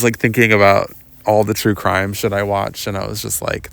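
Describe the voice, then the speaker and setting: A young adult podcast host telling a long personal story outdoors in a rambling, casual way, full of "like" and "um". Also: male voice, lowish voice, flat delivery, normal speed, creaky, a bit bright, smooth, no echo. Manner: rambling, lots of "like" and "um", mimics others in quotes. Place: outdoors walking in the woods.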